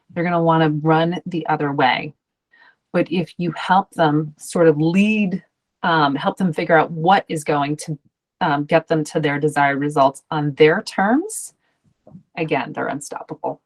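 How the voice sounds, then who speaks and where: A woman's voice: low-pitched, unhurried. A woman coach talking to parents in a chatty, loose way, full of ums and restarts, acting out the voices she quotes. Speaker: ADHD coach.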